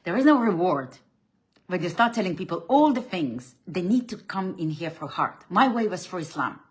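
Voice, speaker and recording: A woman speaking as a spiritual coach, her voice sitting a little low for a woman. She delivers a blunt, preachy faith talk, swinging between loud, emphatic outbursts and quiet, dropped-down lines. She often restarts and repeats words mid-thought. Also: very animated, normal speed.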